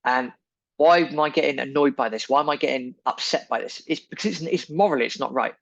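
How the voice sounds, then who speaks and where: A man's voice: medium pitch, a little fast, vocal fry, fairly bright tone, no room sound, highs cut off. A man hosting a podcast, delivering an indignant, emphatic opinion monologue full of repeated phrases. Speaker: podcast host.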